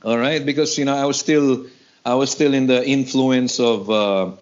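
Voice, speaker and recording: A man from the Philippines in his sixties, telling stories in a casual interview, who acts out the other people in a higher voice. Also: normal speed. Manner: animated, acts out quoted voices in a higher pitch. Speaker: guest rock vocalist. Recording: dull lo-fi audio.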